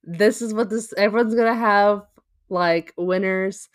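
A woman co-hosting a casual podcast, relaxed and agreeable, talking with plenty of fillers. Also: mid-range voice, measured pace, no echo, clean studio sound. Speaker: podcast co-host, teacher.

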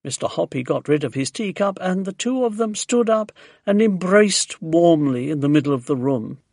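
A man narrating a children's storybook in a lively, expressive way. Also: on the high side, normal speed, no room sound. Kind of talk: storybook reading.

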